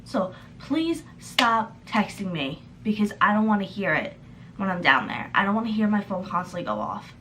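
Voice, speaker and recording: A woman's voice: mid-range voice, sing-song, moderate pace, sharp tone, a little hiss or hum. A young woman vlogger telling a personal story to camera, animatedly acting out the messages and replies she quotes. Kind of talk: storytime vlog.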